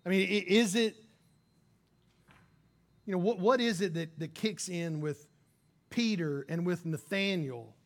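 A man preaching a conversational sermon as pastor, casual and lively, slipping into little voices for the people he quotes. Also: high voice, a little slow, pauses often. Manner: casual and animated, acts out quoted speakers.

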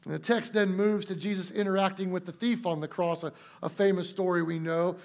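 A man preaching a sermon in a folksy, emphatic way, slowing down to stress key points. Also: high voice, steady tone, vocal fry, a little mellow. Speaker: pastor.

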